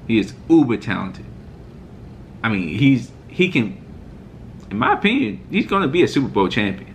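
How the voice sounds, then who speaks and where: A man's voice: lowish voice, a bit bright, slight background noise. A man vlogging a heated, mocking sports reaction rant. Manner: mocking, fired-up ranting.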